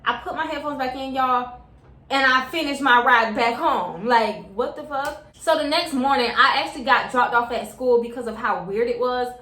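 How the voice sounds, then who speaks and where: Young woman vlogger, higher voice, slangy casual story time, echoey room. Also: normal speed, pushed and bright. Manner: chatty, slangy, keeps addressing viewers as y'all.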